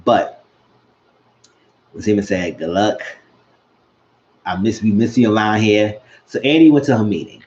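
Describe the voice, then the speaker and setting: Male host recapping a show, lower voice, dull lo-fi audio, animated storyteller. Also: measured pace, pauses often. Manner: animated, retells scenes, acts out quotes. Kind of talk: casual episode recap. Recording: dull lo-fi sound.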